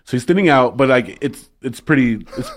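A man's voice: medium pitch, lively intonation, fairly quick, a little hiss or hum. A young man co-hosting a podcast in casual chat, laid-back and profane, laughing often as he tells stories. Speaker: podcast co-host.

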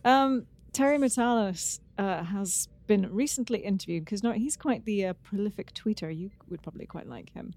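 A woman's voice: medium pitch, normal speed, few pauses, darkish tone. A woman co-hosting a podcast, chatting casually and sharing news with many halts and restarts. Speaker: podcast co-host. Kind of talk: casual chat.

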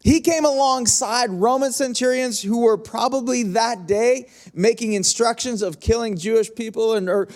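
A middle-aged man preaching a sermon as pastor, in a conversational, repetitive style that slows down to stretch key lines. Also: extremely high pitch, darkish tone.

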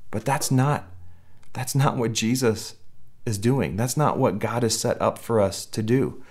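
A man's voice: medium pitch, unhurried. A man preaching a sermon in a conversational way, often restarting phrases and acting out little quotes. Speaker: pastor.

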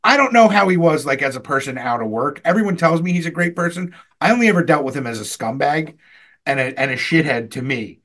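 A man's voice: on the high side, expressive, brisk, fairly bright tone. A man hosting a podcast, telling rambling, profane stories about an old job and laughing often. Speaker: podcast host. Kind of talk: casual storytelling chat.

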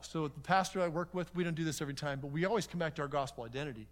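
A man's voice: fairly high pitch, rapid-fire. A man teaching a conference seminar in a conversational way, telling stories and acting out conversations with many asides. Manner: animated storytelling, acts out conversations.

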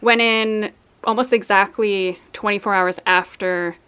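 A woman's voice: mid-range voice, steady tone, unhurried, sharp tone, clear, resonant tone. A woman co-hosting a casual podcast chat. She recounts events frankly and plainly. Her voice sits in an ordinary middle range. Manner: frank, matter-of-fact recounting. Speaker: podcast co-host.

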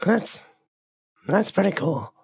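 Bashful rock-eating creature kid, gravelly and breathy, very sing-song, played by a man. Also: high-pitched, sing-song, takes it slowly, no echo, full character voice. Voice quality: creaky, raspy voice. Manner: simple, bashful, blurting. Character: odd childlike creature that eats metal and rocks. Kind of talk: actual-play roleplay.

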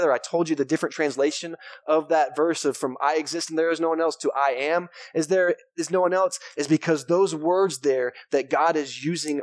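Pastor in his thirties, a fairly high voice, dry close mic, casual sermon with jokes. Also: dry recording. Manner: conversational, joking with the congregation.

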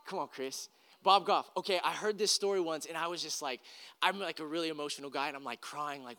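A man delivers a sermon in a high, clear voice. He talks with the congregation in a casual, questioning way and climbs in pitch and force when he urges them on. His tone is bright and crisp. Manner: conversational, asks the congregation questions, rises in pitch and volume when exhorting. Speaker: pastor.

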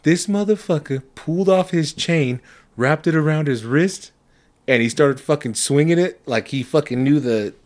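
A young man co-hosting a casual podcast, telling profane stories with lively impressions of the people in them. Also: on the high side, normal speed. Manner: profane storytelling, animated impressions. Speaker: podcast co-host. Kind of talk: casual chat.

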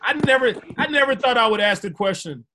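A man's voice: very high-pitched, animated, a little fast, crowd noise. A man hosting a casual talk show, asking teasing, joking questions. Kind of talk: casual podcast banter.

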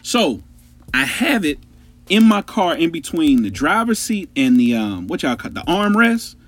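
A man in his thirties telling a long personal story on a podcast, profane and animated, talking straight to his listeners. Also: on the high side, a little slow, soft background music. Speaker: podcast host.

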